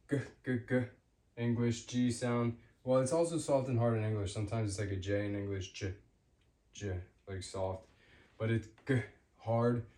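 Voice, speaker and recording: A man giving a casual spoken language lesson, hesitant with many fillers, repeating example words slowly. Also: on the low side, darkish tone, roomy sound. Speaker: language teacher.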